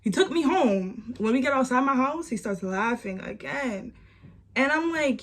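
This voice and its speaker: A young woman, telling a storytime vlog story with animated repeats and lots of "like". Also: on the high side, normal speed. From New York. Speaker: vlogger.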